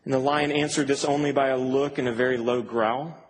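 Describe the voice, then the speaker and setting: Animated, chatty preacher in an echoing hall. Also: male voice, mid-range voice, a little fast. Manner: conversational and animated, with asides. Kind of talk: sermon. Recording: reverberant hall, faint background hum.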